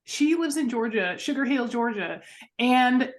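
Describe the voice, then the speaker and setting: A woman's voice: fairly high pitch, expressive, measured pace. A woman co-hosting a podcast in casual chat, playful and full of anecdotes. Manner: storytelling, playful, jumps into quoted voices. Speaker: podcast co-host.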